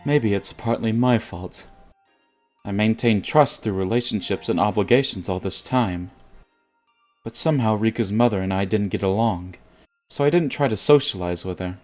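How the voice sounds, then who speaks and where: A man voicing a scheming, ambitious young woman researcher, reading game dialogue aloud in a low, even voice. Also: normal speed, soft background music, natural voice. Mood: brooding.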